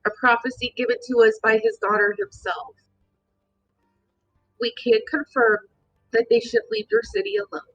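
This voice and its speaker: A woman playing a character in a tabletop game, speaking haltingly and with amusement. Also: a little high, big pitch swings, fairly bright tone, husky. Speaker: player. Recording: dull lo-fi mic with faint music.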